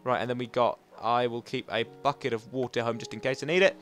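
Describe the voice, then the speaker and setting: A man's voice: medium pitch, quick pace, soft background music. A young man hosting a game playthrough, chatty and rambling, often restarting sentences and cheering on the game character. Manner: chatty and rambling, with frequent self-corrections; excitable, coaxing the game character aloud. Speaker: gaming channel host. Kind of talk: let's play commentary.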